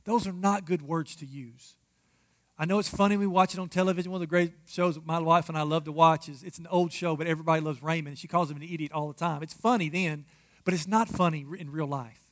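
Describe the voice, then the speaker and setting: Emphatic high-voiced male pastor. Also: fairly even intonation, quick pace. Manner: preachy, emphatic, addresses ladies and fellas directly. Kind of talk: marriage sermon to a congregation.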